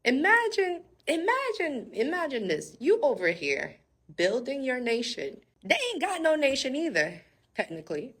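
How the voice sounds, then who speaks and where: Animated, husky woman telling Bible stories. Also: high-pitched, moderate pace. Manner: animated, laughs often, talks straight to viewers. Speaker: faith speaker. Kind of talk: casual Bible storytelling sermon.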